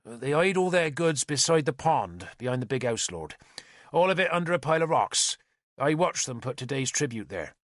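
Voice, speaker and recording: A man voicing a rough, cheerful young male spearman who reports plainly and eagerly, in an audiobook. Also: mid-range voice, big pitch swings, moderate pace, no echo, clean studio sound, close to an everyday voice. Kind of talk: audiobook character voice.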